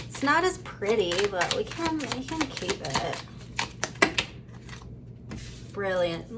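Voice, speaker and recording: A woman's voice: medium pitch, big pitch swings, normal speed, very noisy. A woman giving a casual pick-a-card tarot reading, chatty and giggly, talking to the viewers as she pulls cards. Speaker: tarot reader.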